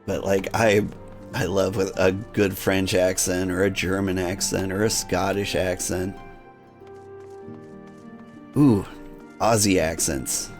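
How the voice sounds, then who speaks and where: A let's-play host with a fairly low voice, reading game text aloud in a formal tone and then drifting into loose, rambling chat. He trails off and restarts his thoughts as he goes. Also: fairly even intonation, takes it slowly, long pauses, faint music behind. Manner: rambling, self-interrupting. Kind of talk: casual gaming commentary.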